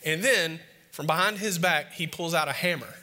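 A man from the States, preaching a sermon as an animated, self-mocking storyteller before a live audience. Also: a little high, normal speed, big-room sound. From Southern United States.

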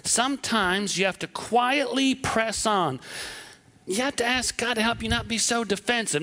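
Preacher guy, high bright voice, lively sermon, does little voices of the people he quotes. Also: normal speed. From southwest Wisconsin. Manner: animated, acts out quoted voices.

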